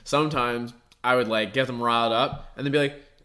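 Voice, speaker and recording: A man's voice: medium pitch, a little fast. A young man co-hosting a podcast, telling stories in casual chat, acting out online chats with lots of swearing and filler words. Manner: animated storytelling, acting out chat exchanges. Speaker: podcast co-host.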